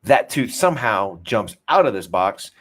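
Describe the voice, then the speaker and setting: Young guy with a deep voice, swearing a lot, rambling chat to his viewers. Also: big pitch swings, moderate pace, fairly bright tone. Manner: swears freely, rambling, self-deprecating. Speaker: podcast host. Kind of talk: casual unfiltered chat.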